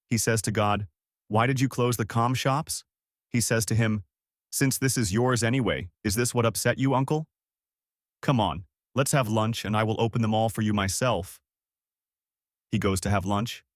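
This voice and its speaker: Guy narrating a movie recap, lowish voice, dry sound, quotes everyone himself. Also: no room sound. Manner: flat storytelling, quoting characters in his own voice.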